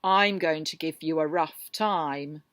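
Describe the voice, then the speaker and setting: A woman voicing a big unkind male rhinoceros in a storybook reading, gruff and booming. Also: slow pace, a bit bright, dry recording, clean studio sound.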